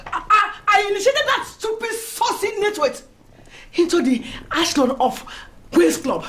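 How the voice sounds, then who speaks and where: An actress with a Nigerian accent playing a proud, domineering society lady who rages and shouts at her rivals. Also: very high voice, very animated, moderate pace, heavily acted. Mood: furious. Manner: shouting, indignant, theatrical outbursts. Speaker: actor in a film. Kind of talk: melodramatic film acting. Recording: echoey room with music underneath.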